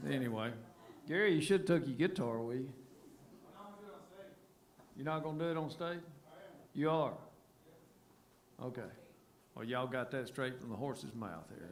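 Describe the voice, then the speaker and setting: A man's voice: medium pitch, normal speed, over music. A man, a singer-songwriter telling folksy, laughing stories between songs at a live show. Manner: folksy, laughing, drawling banter. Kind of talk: on-stage storytelling between songs. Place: live music venue stage.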